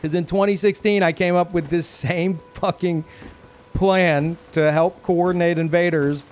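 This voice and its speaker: A man's voice: high-pitched, steady tone, measured pace, a little mellow. A young man streaming live gameplay, ranting in exasperation, laughing and swearing as he plays.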